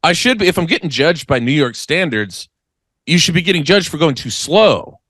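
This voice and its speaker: A man co-hosting a comedy podcast, telling his stories with a lot of swing in his pitch. He keeps slipping into little impressions of other people. The sound is close and dry, with no room in it. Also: moderate pace, breathy edge, no room sound. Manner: animated storyteller who acts out other people's voices. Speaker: podcast co-host. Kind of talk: casual comedic chat. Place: lives in New York.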